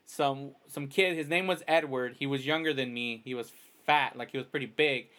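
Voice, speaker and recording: A man's voice: mid-range voice, normal speed, pushed and bright. A man hosting a podcast in casual chat, rambling through a long personal story and acting out his own quoted remarks. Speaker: podcast host.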